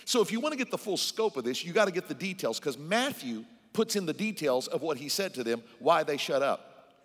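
Male pastor, sermon; lively, emphatic, higher-pitched preacher with long church-hall reverb. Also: brisk, breathy edge.

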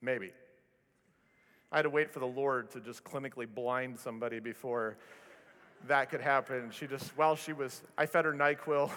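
A male pastor preaching a sermon, telling stories with animated delivery and self-deprecating humor. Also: mid-range voice, fairly quick. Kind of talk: sermon with storytelling. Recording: long reverb of a large hall.

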